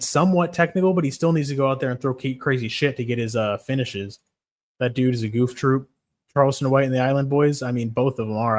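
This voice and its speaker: A man on a casual livestream, talking about fights in a blunt, rambling, profane way. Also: mid-range voice. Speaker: streamer.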